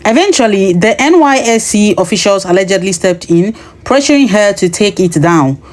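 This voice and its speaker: A woman's voice: medium pitch, expressive, moderate pace. A woman giving an earnest, dismayed news commentary to her viewers. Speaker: vlogger.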